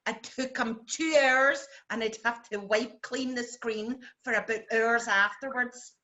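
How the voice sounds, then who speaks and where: A brash Scottish television critic full of boastful tall tales and bawdy deadpan asides. Her voice rings bright and sits a touch high. It comes through a video call. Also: a little slow. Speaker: TV critic character. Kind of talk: comic character monologue.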